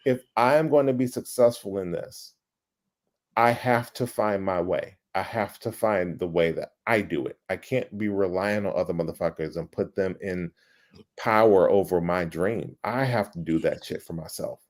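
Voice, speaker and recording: A middle-aged man, a podcast guest, telling his career story in a casual, animated way, swearing and acting out past scenes. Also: low-pitched, normal speed. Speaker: podcast guest, ad creative director.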